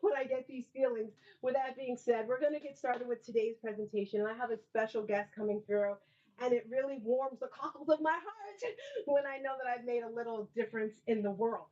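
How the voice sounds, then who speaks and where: A middle-aged woman hosting a live-streamed book event. She is animated and laughs often as she talks to the audience. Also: a little high, a little fast. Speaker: host and author. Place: bookstore event space. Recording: dull lo-fi sound.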